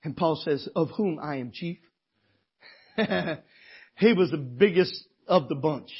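A man preaching a sermon in church as pastor, moving from quiet scripture reading to impassioned, tearful shouting. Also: a little high, expressive, takes it slowly, slightly rough. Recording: dull lo-fi sermon recording.

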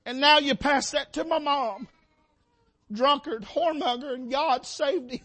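High, bright impassioned preacher man. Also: measured pace. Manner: impassioned, rising and falling, calls out to the congregation. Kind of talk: sermon. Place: church sanctuary.

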